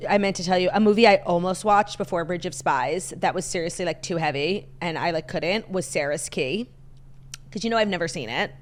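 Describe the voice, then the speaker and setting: A woman co-hosting a podcast, telling stories in an animated, chatty way with many filler "likes". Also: on the low side, a little fast. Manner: chatty, animated storytelling with frequent "like". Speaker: podcast co-host. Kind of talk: casual chat.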